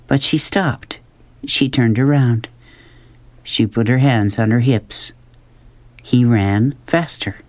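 Calm male audiobook narrator, slow and measured, dry close sound. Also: medium pitch, no room sound. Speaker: audiobook reader.

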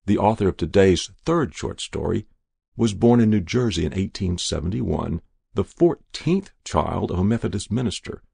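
Man, very deep voice, husky, dry close sound, slow measured story narration. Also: darkish tone, no echo. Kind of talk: scripted narration of a short story.

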